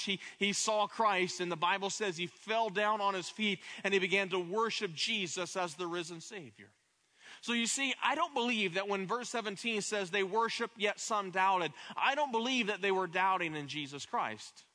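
A man's voice: high-pitched, bright, forceful tone. A man preaching a sermon as pastor, impassioned, often repeating words as he builds up.

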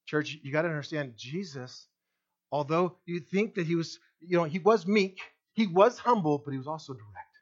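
A male pastor preaching a sermon to his congregation, animated, with big swings between loud and quiet and frequent direct questions to the listeners. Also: moderate pace, highs cut off. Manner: animated preaching with wide swings in pitch and loudness.

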